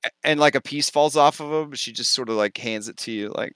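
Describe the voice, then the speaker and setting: A man's voice: medium pitch, fairly quick, fairly bright tone, smooth, no room sound. A man running a tabletop game as game master, talking casually and laughing between lines.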